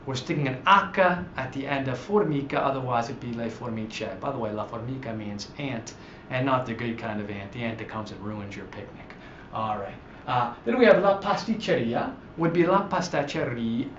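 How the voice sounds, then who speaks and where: A man teaching a recorded online language lesson, explaining slowly and repeating each example word with many fillers. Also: mid-range voice, animated, slight background noise. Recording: echoey, dull lo-fi room.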